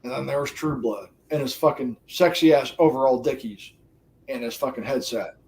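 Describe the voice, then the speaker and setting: A middle-aged, retired man chatting on a livestream, animated, profane and laughing often. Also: mid-range voice, normal speed. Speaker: livestream co-host. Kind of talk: casual stream chat.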